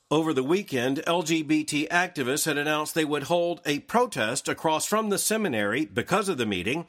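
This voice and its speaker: A man hosting a daily news analysis show, reading scripted commentary in a measured, formal way. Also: a little high, fairly bright tone.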